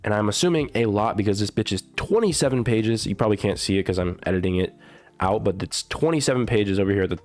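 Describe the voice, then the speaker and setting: A man's voice: fairly low pitch, expressive, fast talker, darkish tone. A man with a sick, stuffy voice giving a casual, rambling patch-notes commentary as a gaming YouTuber, full of fillers and swearing. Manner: rambling, filler-heavy and profane.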